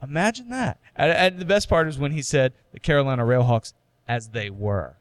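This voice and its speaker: Animated male podcast co-host. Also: medium pitch, moderate pace, dry recording. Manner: animated storyteller, mimics his own reactions. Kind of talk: casual sports podcast chat.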